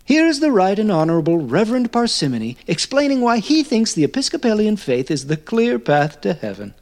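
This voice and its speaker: A man's voice: high-pitched, huge pitch swings, fairly quick, darkish tone. A man hosting a comic audio lecture series in a mock-pompous, old-fashioned lecturing manner. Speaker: host.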